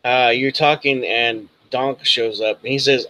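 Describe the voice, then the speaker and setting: A man's voice: medium pitch, steady tone, unhurried, bright, forceful tone, slight background noise, low-quality recording. A man narrating a tabletop role-playing game as game master, casual and rambling with many fillers.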